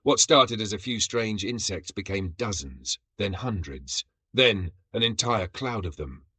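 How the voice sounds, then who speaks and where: Husky-voiced male story narrator. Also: lowish voice, animated, unhurried, bright, forceful tone, dry recording.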